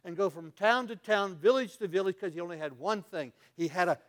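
A man preaching a sermon as pastor, telling stories and swinging from loud to quiet. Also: sits high, fairly quick.

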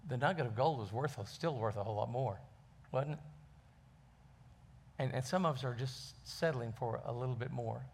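A man's voice: mid-range voice, moderate pace, creaky, pauses often, a little mellow, a little hiss or hum. A man preaching a sermon and telling a story in a folksy way, with fillers.

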